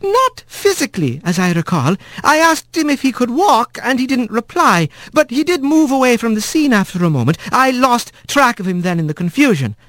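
A man voicing a brisk, kindly female wren nurse in a storybook, speaking in a prim, earnest and precise way. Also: extremely high pitch, big pitch swings, a bit bright, dry recording, pitched above the performer's own voice, exaggerated voice.

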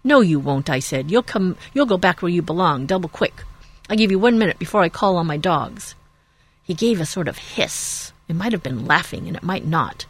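A woman reading aloud as a gruff, stubborn old male hobbit farmer who tells his tale with slow, folksy relish. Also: on the low side, animated.

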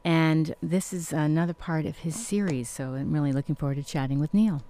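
A woman hosting a talk show, interviewing a guest with encouraging remarks and quick affirmations. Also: deep voice, mellow. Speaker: show host.

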